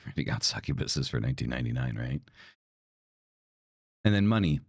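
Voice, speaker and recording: A man's voice: a bass voice, very animated, normal speed, vocal fry, darkish tone, slightly rough, dry recording, studio quality. A male podcast host in a casual monologue, ranting and swearing, with lots of "right?" and "like" fillers. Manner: profane, ranting, heated.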